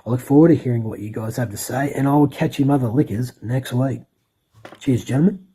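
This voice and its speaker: A man's voice: mid-range voice, brisk, dark tone, slight background noise, rough recording. A man rambling through a casual, profane film review as a podcast co-host. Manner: rambling, sweary, enthusiastic.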